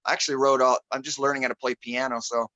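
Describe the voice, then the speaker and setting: Bright-voiced man telling a story. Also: mid-range voice, level tone, quick pace, no room sound, highs cut off. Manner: rambling, searches for words, many fillers. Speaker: guest musician. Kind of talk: casual storytelling.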